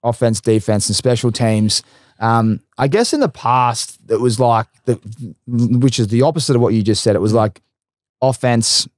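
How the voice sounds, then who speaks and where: Australian male podcast host, mid pitch, matey and casual, dry close-mic sound. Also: no echo. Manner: chummy, blokey, quick to laugh and swear.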